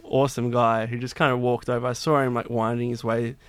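A man's voice: medium pitch, little pitch movement, brisk, no echo. A man, a singer-songwriter telling a long backstage story in casual chat, full of restarts and fillers. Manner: rambling, many restarts and fillers.

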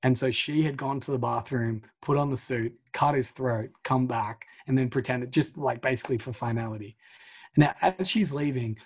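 A man's voice: mid-range voice, moderate pace, a little hiss or hum. A man co-hosting a podcast, casually retelling a film plot in a chatty way full of fillers and the odd swear. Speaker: podcast co-host.

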